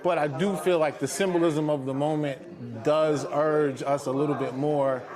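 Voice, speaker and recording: A man speaking as a panel guest in a roundtable, calm and explanatory. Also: on the high side, moderate pace, crowd noise. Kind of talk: roundtable discussion.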